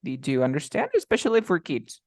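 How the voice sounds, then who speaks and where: A man's voice: fairly high pitch, big pitch swings, a little fast, dry recording. A man whose first language is Spanish, teaching an English lesson in a casual style and explaining with many examples and repetitions.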